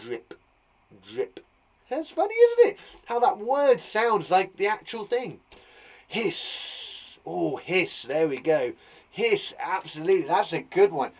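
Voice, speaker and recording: A man's voice: high-pitched, big pitch swings, normal speed, darkish tone. A young British man teaching young children in an online lesson, playful and encouraging, acting out sound words with gasps and laughs. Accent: British English. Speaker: primary school teacher. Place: garden shed classroom.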